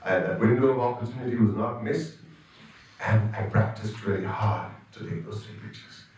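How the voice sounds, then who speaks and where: A man's voice: fairly low pitch, normal speed, a little mellow, a little hiss or hum. A man, telling an anecdote to students as a guest speaker and acting out the voices in his stories. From India. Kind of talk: storytelling speech to students. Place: lecture hall. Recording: echoey hall, distant mic.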